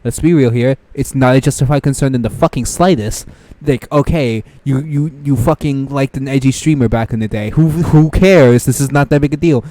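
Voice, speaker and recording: A man's voice: mid-range voice, normal speed, warm tone. A young man giving profane, exasperated reaction commentary, ranting and mocking what he reads aloud. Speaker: commentary streamer.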